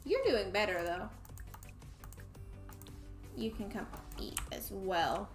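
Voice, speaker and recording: Speaking slowly at a medium pitch with lively intonation, a young Southern woman from Tennessee, USA, keeps up casual chat while gaming, talking to her viewers and to characters in the game. Faint music plays under a roomy echo.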